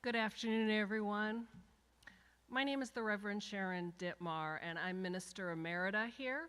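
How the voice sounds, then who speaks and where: Older woman minister, anecdotal eulogy, easygoing, mid pitch. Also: moderate pace, clean tone. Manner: conversational, anecdotal, gently humorous. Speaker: minister emerita. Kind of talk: eulogy at a memorial service. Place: church sanctuary.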